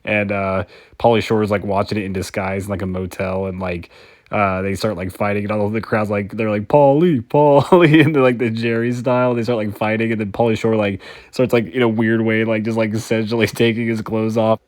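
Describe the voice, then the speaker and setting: A man with a deep, level voice runs through a film review in loose casual talk. He strings his thoughts together with endless fillers. The sound is dry and close. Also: flat delivery, a little fast, dry recording. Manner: rambling, many fillers.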